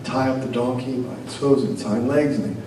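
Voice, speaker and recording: Man telling a story like a rabbi, lively, really echoey room, mic far off, noisy. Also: mid-range voice, a little fast. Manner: animated storyteller, sprinkles Yiddish words. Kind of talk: storytelling teaching.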